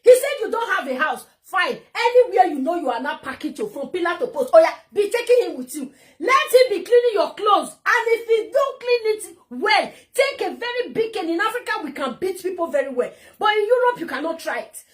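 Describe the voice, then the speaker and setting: A woman with a Nigerian accent delivers a heated, mocking vlog rant. Her voice sits very high and swings widely in pitch, and she keeps circling back over her points. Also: very animated, a little fast, few pauses. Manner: heated, mocking, repeats herself. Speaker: vlogger. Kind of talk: angry ranting vlog.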